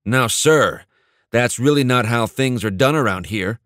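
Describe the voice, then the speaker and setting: A man's voice: medium pitch, measured pace, fairly bright tone, no room sound, studio quality, lightly acted. Brief: male narrator doing a petty, sneering Marine gunnery sergeant, snappish and condescending. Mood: snapping.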